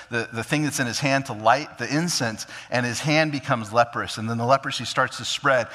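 A man preaching a sermon in an animated way, often stammering into restarts. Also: medium pitch, long reverb tail. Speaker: pastor.

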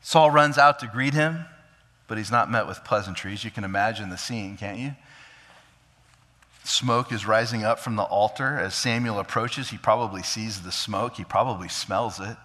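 Bright-voiced male preacher in a reverberant hall. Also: lowish voice, normal speed. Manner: animated, with frequent stammered restarts. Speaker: pastor. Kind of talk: sermon.

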